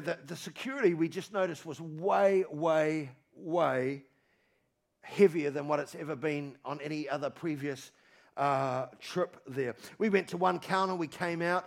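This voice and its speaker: Preaching before his congregation in a church hall, this pastor's voice is high and gravelly. His sermon is forceful, built on repeated phrases, with swings from shouting down to quiet, low tones.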